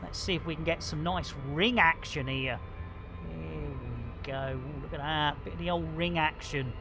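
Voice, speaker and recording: A man's voice: on the high side, moderate pace, over music. A man streaming a space game, chatting casually and full of playful catchphrases. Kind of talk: casual live game commentary.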